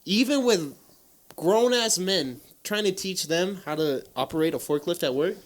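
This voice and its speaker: A man's voice: high voice, moderate pace. A man co-hosting a podcast in casual chat, telling stories and laughing often. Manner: laughs often, animated storytelling. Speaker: podcast co-host.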